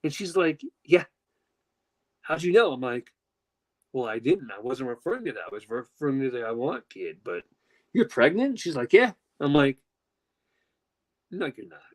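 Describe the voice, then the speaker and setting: A man's voice: moderate pace, poor audio. A man casually telling a long personal story on a podcast, acting out the quotes and swearing freely. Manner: animated, acts out quotes with pitch jumps, swears casually. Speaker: podcast host.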